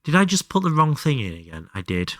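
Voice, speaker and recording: A man's voice: a little high, big pitch swings, brisk, fairly bright tone, no room sound, clean studio sound. A young man chatting casually and thinking aloud while streaming a game, swearing freely. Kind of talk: casual live gameplay commentary.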